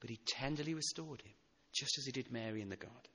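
A man preaching a sermon in church, swinging from loud emphatic lines to hushed, tender ones. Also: mid-range voice, fast talker, in a large hall. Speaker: pastor.

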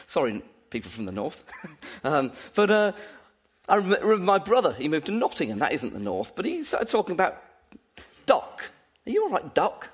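A male preacher delivering a sermon. His voice sits high and swings widely in pitch. He is animated and playful and laughs often as he speaks. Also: slightly rough.

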